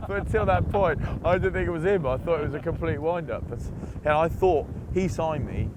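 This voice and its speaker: A man's voice: fairly high pitch, fairly quick, hardly any pauses, background noise. A man from England, a rugby player, chatting as an interview guest, telling stories with laughs and mimicked voices. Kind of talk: casual interview chat.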